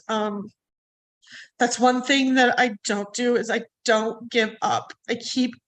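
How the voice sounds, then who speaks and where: A nervous woman speaks to an online summit over a video call, her voice sitting a little high. She laughs often and fills her pauses with ums as she talks about her life. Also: a bit bright. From United States. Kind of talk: nervous personal talk.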